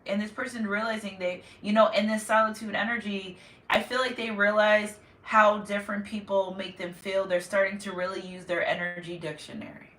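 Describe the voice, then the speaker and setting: A woman's voice: medium pitch, level tone, moderate pace, fairly bright tone. A woman giving a casual tarot reading to her viewers, rambling and repeating herself with emotion. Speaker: tarot reader. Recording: echoey room, distant mic.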